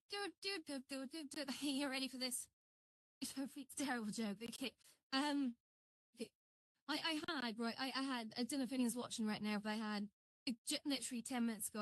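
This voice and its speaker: A woman's voice: fairly high pitch, no echo. A woman chatting on a live stream as she builds, rambling and greeting viewers while she works. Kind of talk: casual live-stream chat.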